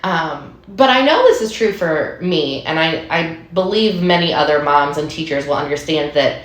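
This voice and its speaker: A woman's voice: low voice, animated, normal speed. A woman co-hosting a podcast, a teacher and mother, talking things through in a casual, reflective chat. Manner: reflective, talks in long winding sentences. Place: enclosed room. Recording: roomy echo.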